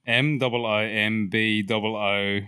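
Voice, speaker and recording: A man's voice: on the low side, steady tone, measured pace, bright, forceful tone, smooth, no room sound, clean studio sound. A man, a returning podcast guest, playful and eager, laughing easily in casual banter.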